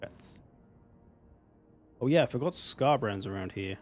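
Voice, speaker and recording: A man's voice: medium pitch, lively intonation, a little slow, soft background music. A man with an English accent, casually commenting on a strategy game on a live stream, swearing now and then and answering chat. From England. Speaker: gaming streamer.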